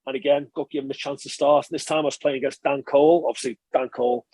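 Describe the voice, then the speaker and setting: A man, a former rugby player, telling stories in a relaxed interview and chatting casually with frequent swearing and restarts. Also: medium pitch, fast talker, husky, no room sound. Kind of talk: casual conversational storytelling.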